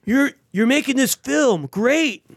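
A man's voice: very high-pitched, expressive, takes it slowly, vocal fry, no echo, studio quality, voice pushed up, heavily acted. A man voicing an angry, sarcastic older male veteran who curses and confronts. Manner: cursing, confrontational, demanding.

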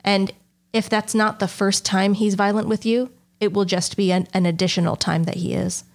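Earnest female psychic, calm, slightly gravelly voice, as a woman quotes her. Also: mid-range voice, moderate pace, natural voice. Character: matter-of-fact female fortune-teller delivering bad news. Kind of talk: quoted in an anecdote.

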